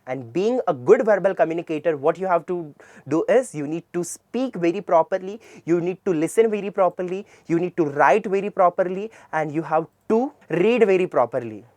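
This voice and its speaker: A slightly high, slightly mellow male voice with an Indian English accent comes through with no room sound. The speaker gives an earnest classroom-style tutorial on communication skills, and he often asks a question before answering it himself.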